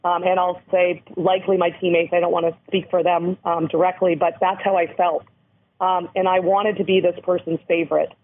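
A woman from Canada with a hoarse voice, speaking earnestly as an interview guest who educates on abuse prevention. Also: lowish voice, flat delivery, brisk. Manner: earnest, emphatic, explanatory. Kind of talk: interview over the phone. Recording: tinny phone line.

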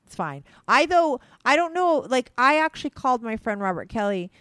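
A woman hosting a podcast in casual chat, talking fast and rambling, excited and hyper after a date. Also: fairly high pitch, dry recording, clean studio sound. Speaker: podcast host.

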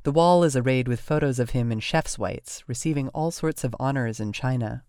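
A man narrates his podcast in a measured, descriptive way. His pitch sits in the middle of the range. Each line is carefully scripted. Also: a little mellow, clean tone, no echo.

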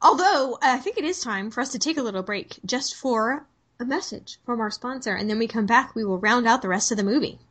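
A woman's voice: a little high, animated, brisk, a bit bright. A woman co-hosting a podcast, recapping a movie scene by scene in a wry, casual way and acting out the characters' lines. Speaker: podcast co-host.

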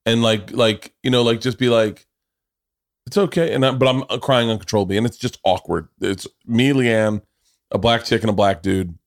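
Lower-voiced man telling a profane story. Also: fairly even intonation, moderate pace. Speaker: podcast host. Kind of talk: casual comedic storytelling.

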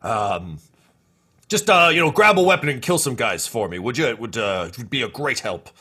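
A man voicing a wild, spice-crazed male Gungan gang boss in a tabletop game, talking in a high, shouting, giddy way. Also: big pitch swings, normal speed, breathy edge, full character voice. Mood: excited.

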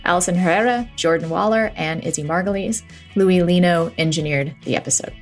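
A woman hosts a podcast, asking her guest questions and then reading the show's outro. Her delivery is upbeat and lightly joking, and faint music plays quietly behind her. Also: fairly low pitch, a little fast. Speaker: podcast host.

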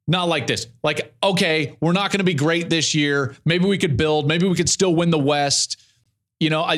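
Emphatic man giving football takes. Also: a little high. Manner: animated, emphatic, repeats phrases for effect. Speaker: college football analyst and show host. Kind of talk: solo sports opinion show.

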